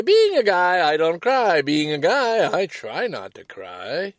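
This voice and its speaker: A man's voice: sits high, huge pitch swings, slow, few pauses, dry recording. An older man with a Canadian accent, hosting a podcast and talking through a candid, self-deprecating personal monologue with plenty of swearing. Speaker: podcast host.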